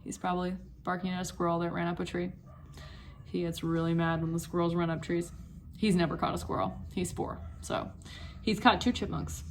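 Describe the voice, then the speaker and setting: A woman's voice: fairly low pitch, flat delivery, a little fast, slight background noise. A young woman vlogging about knitting at home in a chatty, rambling way that wanders off topic. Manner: chatty, rambling, easily sidetracked. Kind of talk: casual chat.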